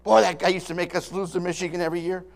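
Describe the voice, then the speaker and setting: A man's voice: high voice, flat delivery, very fast, gravelly. Pastor, man, sixties; emphatic sermon delivery, repeats and restarts words, calls out to the room for response. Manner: emphatic preaching with call-and-response asides.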